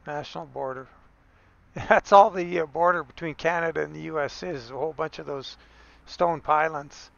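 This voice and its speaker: A man's voice: a little high, normal speed, vocal fry, a bit bright, muffled recording. A man giving a casual, rambling game tutorial, correcting himself as he goes and chuckling now and then.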